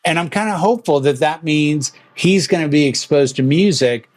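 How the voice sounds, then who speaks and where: Animated middle-aged male show host. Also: fairly high pitch, moderate pace. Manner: animated storyteller, acts out quotes. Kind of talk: casual chat.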